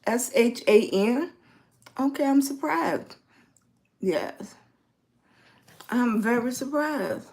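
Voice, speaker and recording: A woman's voice: a little high, expressive. A middle-aged woman with a Virginian Southern accent, chatting casually on a livestream, greeting viewers by name and spelling them out. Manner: slow, warm greetings to chat, spells out viewer names. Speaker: lifestyle livestreamer.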